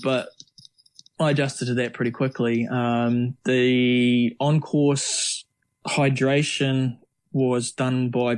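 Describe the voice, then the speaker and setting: A middle-aged man, a guest on an interview podcast, telling lively, rambling stories with many restarts. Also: medium pitch. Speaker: triathlete guest. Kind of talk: casual storytelling interview.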